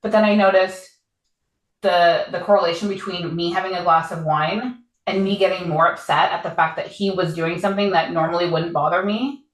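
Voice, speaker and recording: A woman's voice: on the low side, fairly even intonation, fairly quick. A woman in her thirties, co-hosting a podcast, talking candidly in a rambling, casual way and laughing often. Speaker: podcast co-host. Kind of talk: casual chat. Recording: echoey room.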